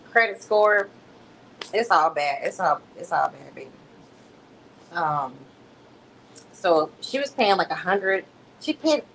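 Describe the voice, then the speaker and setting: A woman's voice: lowish voice, fairly bright tone, slight background noise, poor audio. A woman hosting a livestream, chatting in a gossipy way and calling listeners baby. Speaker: livestream host. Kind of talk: casual live stream commentary.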